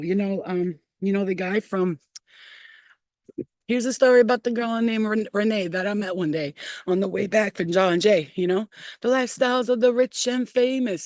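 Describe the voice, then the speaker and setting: A woman's voice: lowish voice, darkish tone, no echo. A woman in her thirties hosting a livestream, telling blunt, profane stories to her chat and laughing often. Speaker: livestream host. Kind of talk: casual storytelling to live chat.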